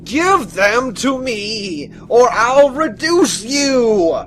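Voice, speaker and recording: A man voicing a huge, greedy male monster that bellows its threats slowly and loudly in a storybook tale. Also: very high voice, big pitch swings, slight background noise, pitched above the performer's own voice, heavily acted. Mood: menacing bellow.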